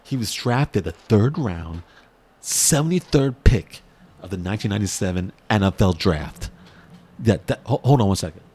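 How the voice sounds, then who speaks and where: A man giving casual, excitable sports commentary in a vlog, rambling and repeating his words as he gets worked up. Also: on the low side, normal speed, slightly rough.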